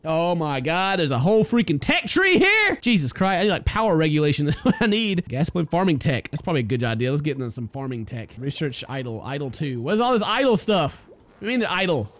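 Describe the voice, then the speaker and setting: A young man casually commentating a colony game, excitable and jokey, talking to his little characters. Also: fairly high pitch, quick pace, no room sound. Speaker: gaming YouTuber. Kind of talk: casual let's-play commentary.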